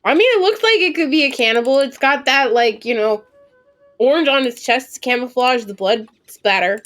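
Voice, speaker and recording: A woman in her twenties streaming live gameplay commentary, chatting and thinking aloud, with sudden excited squeals and casual swearing. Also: high-pitched, moderate pace, faint music behind.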